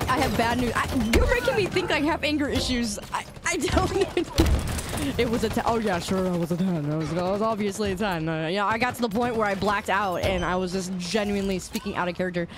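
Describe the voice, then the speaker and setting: A woman's voice: medium pitch, animated, a little fast, noisy background. A woman streaming a game, chatting playfully with her chat and laughing and protesting as she plays. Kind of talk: casual live-stream chatter.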